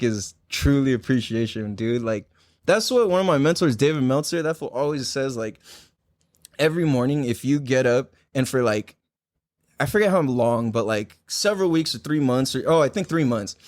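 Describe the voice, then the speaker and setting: A man's voice: fairly high pitch, no room sound, clean studio sound. A young man hosting a podcast, chatting casually and telling stories full of swearing and filler words. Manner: profane, animated storytelling with many "like"s. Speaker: podcast host. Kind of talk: casual chat.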